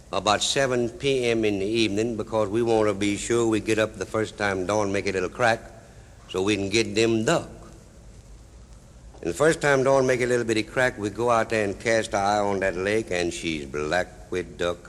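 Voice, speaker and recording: A man's voice: on the low side, in a large hall. A man with a Cajun accent telling comic dialect stories to a live audience in a folksy drawl. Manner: folksy drawl, broken-English dialect tales. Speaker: storyteller. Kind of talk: live comedy storytelling.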